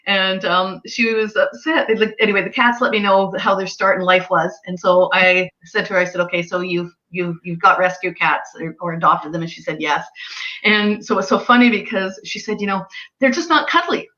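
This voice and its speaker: A woman's voice: mid-range voice, a little fast, pushed and bright. A woman chatting casually as an animal communicator, telling stories and acting out what clients said. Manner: chatty, retells conversations with quoted voices. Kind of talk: casual storytelling chat. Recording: dull lo-fi sound.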